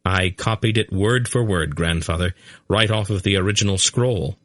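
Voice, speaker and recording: A man's voice: sits low, normal speed, fairly bright tone, no room sound, studio quality. A man reading the part of an earnest young man who grimly insists on being heard. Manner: grim, insistent.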